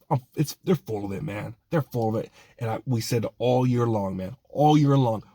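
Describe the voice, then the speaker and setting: A young man with a husky, slightly rough voice delivers a profane, exasperated sports rant. He keeps apologizing for his anger but can't stop venting. The sound is dry and close. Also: lowish voice, mellow, no room sound. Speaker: fan channel host.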